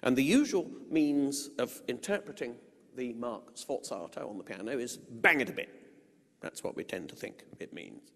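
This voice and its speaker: A middle-aged British man giving a music lecture, explaining and reciting song verses with deliberate emphasis. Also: mid-range voice, expressive, a bit bright. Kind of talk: lecture with spoken and sung musical examples. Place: lecture hall. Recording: long hall reverb.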